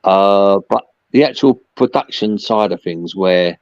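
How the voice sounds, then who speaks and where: Deep-voiced chatty man. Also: unhurried, a little mellow, dry recording, lo-fi sound. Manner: rambling, chatty, lots of fillers. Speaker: podcast guest, merchandise seller. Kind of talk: casual chat.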